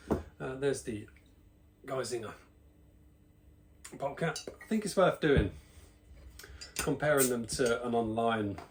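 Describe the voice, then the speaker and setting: A man's voice: medium pitch, background noise. A man from the UK hosting a casual beer review, chatty and rambling with self-deprecating asides, slightly out of breath. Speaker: beer reviewer, channel host.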